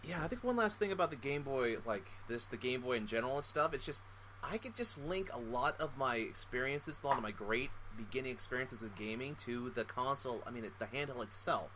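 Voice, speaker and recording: A man's voice: mid-range voice, animated, brisk, noisy background. A young man co-hosting a casual podcast, rambling with lots of fillers. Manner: rambling, full of fillers, reminiscing. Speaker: podcast co-host. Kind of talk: casual chat.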